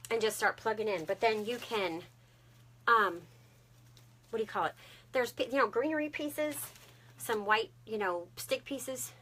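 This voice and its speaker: A woman's voice: on the high side, a bit bright. A woman, chatting to viewers on a craft live stream and greeting them by name. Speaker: craft livestream host.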